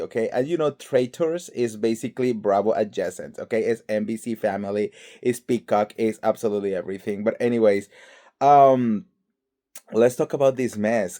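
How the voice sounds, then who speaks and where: A man's voice: medium pitch, mellow. A man hosting a casual pop culture commentary show, chatty and gossipy, full of fillers like "girl" and "okay". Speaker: host.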